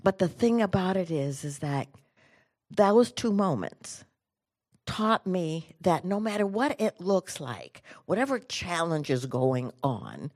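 Low-voiced woman telling a personal story. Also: slow. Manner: animated storyteller, drops to quiet low tones for emphasis. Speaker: inspirational speaker. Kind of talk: personal storytelling talk to an audience.

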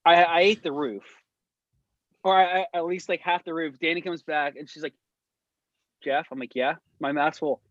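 A young man in his twenties telling stories in a loose, casual chat, his voice sitting a little high for a man. He wanders and restarts, piling up fillers as he goes. The sound is dry and a bit dull, like a lo-fi recording. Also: steady tone, normal speed, a bit bright, dry recording. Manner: rambling, heavy filler words. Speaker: podcast co-host.

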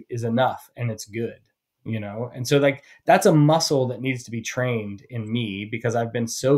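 A man's voice: mid-range voice, darkish tone. Reflective male podcast host. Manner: reflective, thinks aloud, quick reactions of awe. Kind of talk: casual interview conversation.

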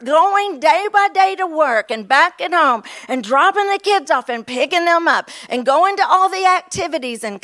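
A woman in her fifties from Kentucky with a Kentucky accent, preaching a fervent sermon with exclamations and drawn-out words. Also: very high voice, bright, forceful tone.

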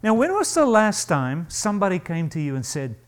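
A male pastor preaching a sermon to a congregation, emphatic and animated, acting out the voices he quotes. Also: sits high, fairly quick.

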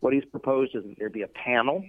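A man's voice: mid-range voice, fast talker, no room sound. A man being interviewed, arguing his point earnestly with many ums and uhs. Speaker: interview guest. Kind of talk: phone interview, impassioned argument. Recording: tinny phone line.

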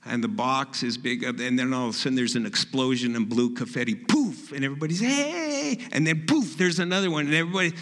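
A man's voice: mid-range voice, rapid-fire, hardly any pauses, fairly bright tone. A middle-aged male pastor preaching a sermon, telling stories and building to emphatic peaks. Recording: reverberant hall.

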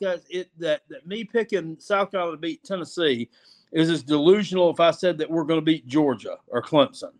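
A man's voice: a little high, moderate pace, fairly bright tone. A man co-hosting a casual sports talk livestream, reading viewer comments and ranting about rivals with exasperated swearing.

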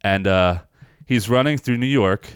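A man's voice: lowish voice, a little slow, smooth, no room sound, clean studio sound. A man co-hosting a film podcast in casual chat, rambling, swearing freely and animatedly retelling scenes. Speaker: podcast co-host reviewing films.

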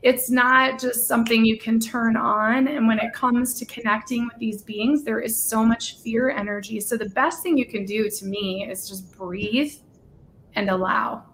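A woman's voice: fairly high pitch, fairly even intonation, a little slow, fairly bright tone, slight background noise. A woman co-hosting a casual livestream chat, gushing and talkative, with lots of "like". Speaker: livestream co-host.

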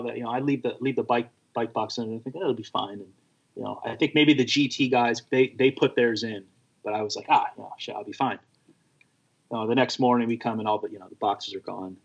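A man's voice: medium pitch, breathy edge, highs cut off. A man who works as a race mechanic, telling rambling anecdotes full of fillers in casual conversation. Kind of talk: casual storytelling.

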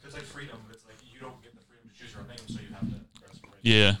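A man's voice: mid-range voice, fast, bright, forceful tone. A man co-hosting a podcast, riffing and joking in casual comedic banter into a studio microphone. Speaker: podcast co-host. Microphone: dry studio microphone.

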